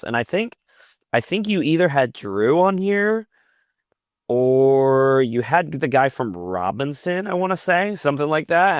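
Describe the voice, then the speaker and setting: A man's voice: mid-range voice, no echo, studio quality. A man, a podcast guest and metal vocalist, telling long stories in casual chat over a video call. He acts out quoted back-and-forths and swears often.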